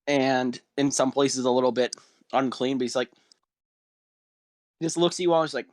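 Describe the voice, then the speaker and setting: A man's voice: medium pitch, fairly even intonation, normal speed, long pauses, darkish tone, no echo. Rambling young male game master. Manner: rambling, loose, full of fillers. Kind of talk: narrating a tabletop game on a live stream.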